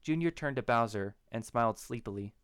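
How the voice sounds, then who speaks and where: A man narrating a story in a steady, even storytelling manner. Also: mid-range voice, a little fast, clean tone, no echo. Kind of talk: audiobook narration of a fan story.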